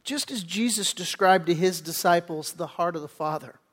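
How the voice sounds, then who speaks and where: A man's voice: sits high, moderate pace, a bit bright. A man preaching a sermon as pastor, talking conversationally and acting out quoted voices, with frequent restarts. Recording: church hall reverb.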